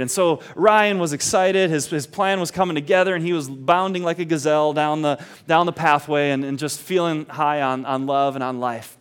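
A man's voice: on the high side, brisk, few pauses, clean tone. A man casually retelling a story, with many restarts, who acts out the lines of the people in it. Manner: animated, many restarts, acts out the quoted dialogue.

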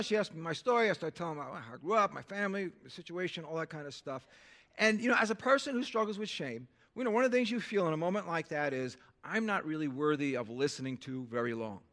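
A man preaching a sermon in a high, bright voice. He drops to near-hushed passages and then bursts up loud, stirring the room with calls for an amen. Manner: animated, swinging from hushed to loud; calls for amens from the crowd. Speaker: pastor.

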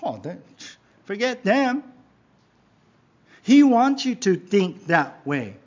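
A man preaching a sermon in church, emphatic, often asking his congregation "right?", swinging between loud exhortation and quiet asides. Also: high voice, sing-song, unhurried. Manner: emphatic preaching, frequent rhetorical "right?" and "yeah?". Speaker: pastor. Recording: dull lo-fi recording.

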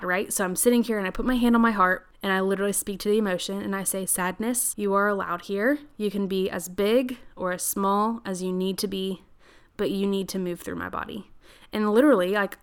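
A woman's voice: medium pitch, a bit bright, clear, resonant tone. A young adult woman hosting a faith-based podcast, talking in an earnest, chatty way and laughing often. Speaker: podcast host. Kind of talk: casual faith-based talk.

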